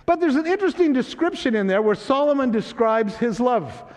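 A man's voice: very high-pitched, animated, fairly quick, darkish tone. A man preaching a sermon as pastor, conversational and teasing, often checking in with his congregation. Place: church sanctuary. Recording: long hall reverb.

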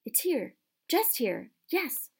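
A woman reading aloud, voicing an earnest young boy wizard who talks in a hushed, urgent way. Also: sits high, sing-song, slow pace, pitched above the performer's own voice, full character voice.

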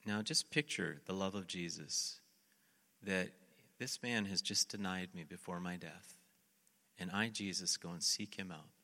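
A man with a very low voice preaches a sermon, and his tone is bright and forceful. He tells the story animatedly and acts out the lines of the characters. A long reverb rings around him, as if he is in a big hall. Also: measured pace. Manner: animated storytelling, acting out scripture quotes. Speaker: pastor.

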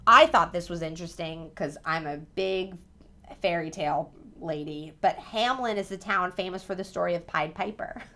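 A young woman co-hosting a casual chat podcast, telling a dark history story with profane asides. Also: on the low side, normal speed.

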